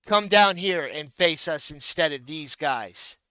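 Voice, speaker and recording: A brash, taunting arena fighter, voiced by a game master, loud and cocky. The voice is bright and clear. The recording is dry and close. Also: male voice, a little high, lively intonation, a little slow, dry recording, low-quality recording.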